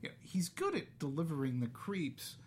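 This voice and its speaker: A man hosting a casual movie review chat, talking in an animated way with sarcastic asides. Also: a little high, moderate pace, slight background noise. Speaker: podcast host.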